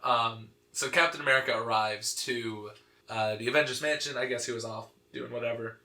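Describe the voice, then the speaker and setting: An animated man tells a comic story to a friend in loose, casual chat, dotted with fillers and laughter. His voice is bright and forceful, sitting at an ordinary pitch for a man. The recording rings with noticeable room echo. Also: brisk. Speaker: podcast host. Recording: echoey room.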